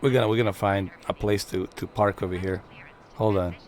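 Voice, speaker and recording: A man's voice: low voice, fairly even intonation, fairly quick. A young man streams himself playing, talking loosely and swearing as he jokes along. He hams things up with fake drama, and a faint hum of engine noise sits behind his voice. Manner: joking, profane, mock-dramatic. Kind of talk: casual live gameplay commentary.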